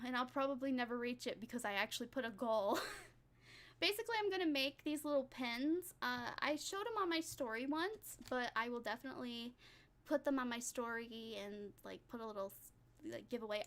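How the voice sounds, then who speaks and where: Bright, high-pitched giggly young woman. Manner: giggly, rambling, self-mocking. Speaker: vtuber streamer. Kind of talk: casual stream chat.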